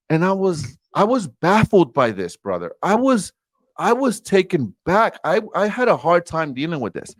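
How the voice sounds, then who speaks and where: A man in his forties, appearing as a podcast guest, tells a personal story candidly and emphatically, addressing the host directly. His voice is high and very animated at normal speed, with no room sound in the recording.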